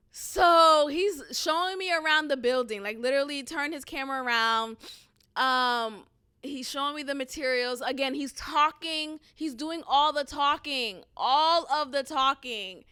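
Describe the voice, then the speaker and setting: A woman telling a story to camera in a casual rant, blunt and animated, swearing freely and laughing between lines. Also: on the high side, clean tone.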